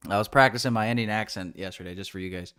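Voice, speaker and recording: Laid-back low-voiced male trader. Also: fairly even intonation, quick pace, bright, forceful tone, smooth, faint music behind. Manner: laid-back, filler-heavy, slangy. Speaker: day trader streamer. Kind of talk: casual live trading commentary.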